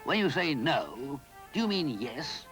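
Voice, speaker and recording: A man voicing a fussy, cross brownie in a storybook reading, brisk and bossy. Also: mid-range voice, sing-song, fairly bright tone, soft background music, pitched above the performer's own voice. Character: Big Ears, cross fussy old brownie.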